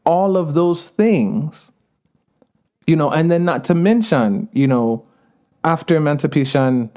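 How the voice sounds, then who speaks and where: A man's voice: a little high, expressive, measured pace, mellow. A man in his thirties with a Jamaican-tinged accent, a podcast guest making his point earnestly with digressions and laughs. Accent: Jamaican patois touches. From United States. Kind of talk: conversational interview.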